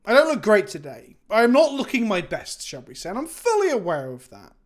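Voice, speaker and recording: A man's voice: high voice, huge pitch swings, fairly quick. English guy streaming, sluggish and worn out, rambles on, pokes fun at himself. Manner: rambling, self-deprecating, chatty with viewers. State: tired, sluggish. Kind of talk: casual live stream chat.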